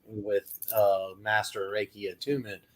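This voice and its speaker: Guy cohost, lowish voice, rambly casual talk, restarts a lot. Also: flat delivery, moderate pace, fairly bright tone. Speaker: podcast co-host. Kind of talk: casual chat.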